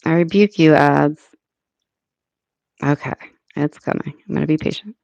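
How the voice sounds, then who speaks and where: An American woman hosting a casual live chat with her viewers, thinking aloud and filling pauses as she works things out. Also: low-pitched, creaky, a little mellow, no room sound, muffled recording. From United States. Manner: chatty, thinking aloud with many fillers. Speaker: livestream host.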